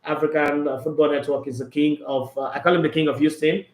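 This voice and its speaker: A Nigerian man hosts a sports podcast in a slightly high voice, rambling through fillers and restarts with open emotion. His voice rings in an echoey studio room. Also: steady tone, fast. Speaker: sports show host. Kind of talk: casual podcast chat.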